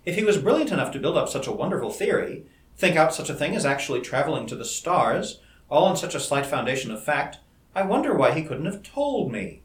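A man's voice: a little high, big pitch swings, a little fast. A man reading an audiobook, voicing an anxious, hurt young woman in a raised voice. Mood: wistful. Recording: roomy echo.

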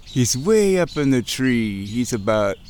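Man outdoors, chatty running commentary with excited bursts, faint noise and birdsong behind. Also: mid-range voice, measured pace. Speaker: outdoor vlogger. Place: outdoors in a muddy creek. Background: birds chirping.

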